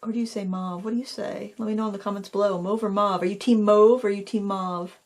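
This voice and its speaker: A woman's voice: mid-range voice, fairly even intonation, fast talker. Chatty New woman painting. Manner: rambling, self-deprecating, talks to viewers while working. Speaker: painting tutorial host. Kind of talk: casual chatty painting tutorial.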